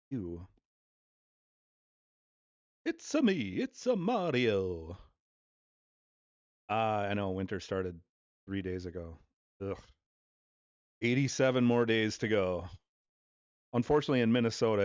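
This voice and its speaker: Lo-fi casual streamer man, low voice. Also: a little mellow, no room sound. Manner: loose, profane chatter with offhand play-by-play. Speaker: livestreamer. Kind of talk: casual livestream chat. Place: at home. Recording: dull lo-fi dry sound.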